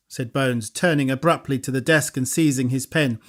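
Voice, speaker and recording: A man narrating an audiobook thriller in a measured, even storytelling delivery. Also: mid-range voice. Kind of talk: scripted narration.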